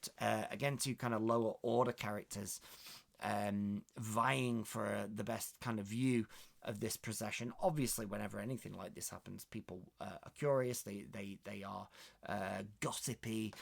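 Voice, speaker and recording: Gravelly man explaining a novel. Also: lowish voice. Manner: thoughtful, hesitant, many fillers. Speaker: literature video host. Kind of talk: reading a novel extract and explaining it.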